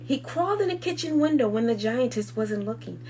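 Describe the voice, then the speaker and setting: A woman hosting children's circle time, reading a storybook aloud slowly and expressively, hushed at calm moments. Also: on the high side, a little hiss or hum, poor audio.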